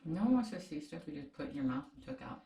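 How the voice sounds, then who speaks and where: Chatty, low-voiced woman co-hosting snacks. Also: very animated, quick pace, mellow, reverberant, recorded from a distance. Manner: chatty and giggly, teasing her partner. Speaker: co-host of a snack tasting show. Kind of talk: casual chat while tasting snacks.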